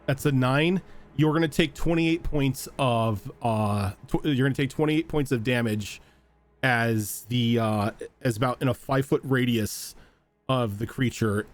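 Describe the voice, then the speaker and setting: A man narrating a tabletop game as game master, halting often on fillers. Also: medium pitch, soft background music.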